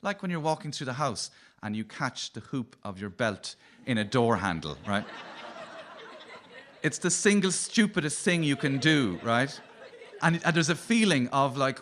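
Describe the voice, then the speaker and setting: A man's voice: mid-range voice, animated, normal speed, a bit bright, slight background noise. A man with a Cork Irish accent hosting a radio comedy show, telling wry, playful stand-up stories. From Cork, Ireland. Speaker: comedian host.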